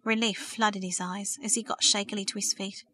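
A woman narrating a story aloud in a steady, expressive manner. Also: mid-range voice, normal speed.

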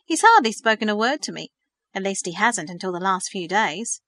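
A woman's voice: mid-range voice, big pitch swings, normal speed, a bit bright, dry recording, clean studio sound. Sullen sarcastic teen boy, read by a woman. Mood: resentful. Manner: sarcastic, scoffing. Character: sullen, sarcastic teenage boy, lonely and defensive. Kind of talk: audiobook reading.

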